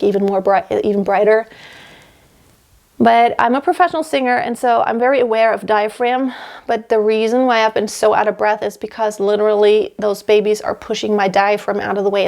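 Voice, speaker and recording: Breathless pregnant woman chatting casually. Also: on the high side. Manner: chatty, rambling with restarts. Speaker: vlogger. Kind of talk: casual pregnancy update vlog. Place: home workroom, indoors.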